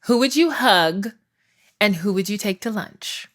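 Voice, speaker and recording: A woman's voice: mid-range voice, lively intonation, measured pace. A woman hosting a casual interview, framing questions lightly and laughing along with her guest. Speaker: interview host.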